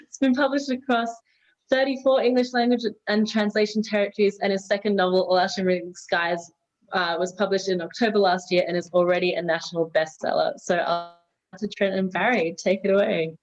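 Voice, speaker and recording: A woman's voice: mid-range voice, steady tone, brisk. A woman hosting an event, reading out a formal guest introduction on a video call. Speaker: event host. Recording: muffled lo-fi video call audio.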